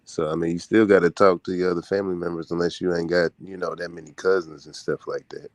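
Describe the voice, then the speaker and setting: A man in casual chat, relaxed, agreeing and explaining things plainly. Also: sits low, fast talker, no echo.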